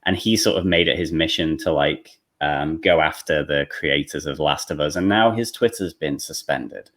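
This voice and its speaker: Man, podcast co-host, very low voice, rambling, restarts often. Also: moderate pace, fairly bright tone. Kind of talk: casual podcast chat.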